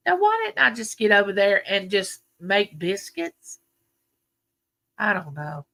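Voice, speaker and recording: A woman's voice: mid-range voice, very animated, unhurried, vocal fry, sharp tone. An older woman, chatting folksily with viewers on her live stream and reminiscing as she goes. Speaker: livestream host. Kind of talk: casual live chat with viewers.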